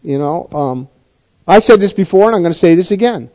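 High-voiced pastor preaching conversationally. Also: male voice, expressive, fairly quick, warm tone, muffled recording. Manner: conversational preaching with rhetorical questions and emphatic rises. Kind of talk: sermon.

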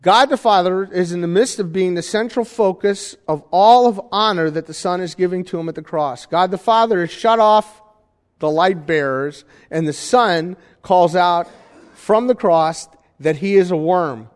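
Guy preaching in a big echoey church, bit higher pitched, chatty and asks the crowd stuff. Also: moderate pace. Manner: conversational, asks the congregation questions. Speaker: pastor. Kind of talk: sermon. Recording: reverberant hall.

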